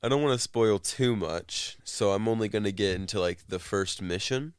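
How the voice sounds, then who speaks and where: A man's voice: lowish voice, normal speed, clear, resonant tone, no echo, clean studio sound. A man co-hosting a casual chat show, rambling through a story with fillers. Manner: rambling retelling with fillers and laughs. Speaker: co-host.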